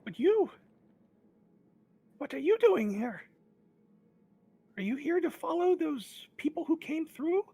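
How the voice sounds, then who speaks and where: A man voicing a small tearful male kobold who keeps a dragon, speaking in a high, squeaky voice and broken phrases. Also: big pitch swings, slow, long pauses, mellow, dry recording, exaggerated voice.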